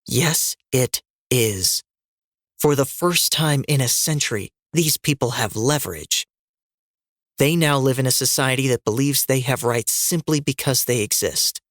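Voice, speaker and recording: A man's voice: medium pitch, measured pace, no room sound, studio quality, close to an everyday voice. A man voicing a defiant, fierce woman rebel leader in an audiobook reading, cutting and sarcastic in tone.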